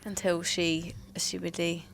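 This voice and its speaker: A woman's voice: on the low side, level tone, gravelly, slight background noise. Jumpy woman playing a horror game. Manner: jumpy, quick startled reactions. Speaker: let's play co-host. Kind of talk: casual game commentary.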